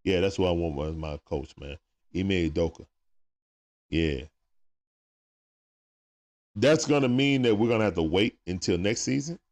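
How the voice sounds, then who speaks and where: A man's voice: low voice, a little slow, pauses often, darkish tone. A young man hosting a live stream, chatting casually with viewers and reading their comments in a laid-back, slangy way.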